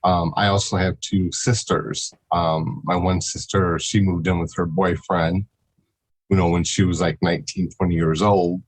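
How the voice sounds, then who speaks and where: A man speaking as a podcast guest in casual, halting talk, full of fillers and pauses. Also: deep voice, little pitch movement, a little hiss or hum, low-quality recording. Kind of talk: casual interview chat.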